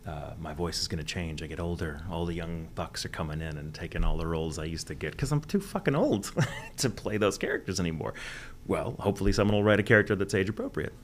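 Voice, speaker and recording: A man's voice: low voice, quick pace, few pauses. A man from the United States, a voice actor guest, chatting candidly in a rambling interview and swearing freely. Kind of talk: casual interview chat.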